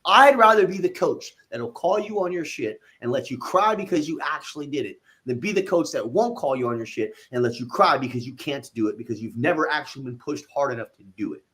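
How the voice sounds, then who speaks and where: A man who owns a gym, telling a coaching story in a casual interview, animated and blunt, with some swearing. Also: mid-range voice, a little fast, few pauses. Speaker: gym owner and fitness coach.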